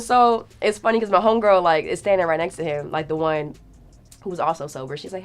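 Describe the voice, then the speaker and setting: A woman's voice: fairly low pitch, fairly quick. Young woman spilling a wild story, slangy, lots of voice jumps, faint music behind. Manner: animated, slangy, acts out quotes. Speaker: guest storyteller. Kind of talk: casual storytelling.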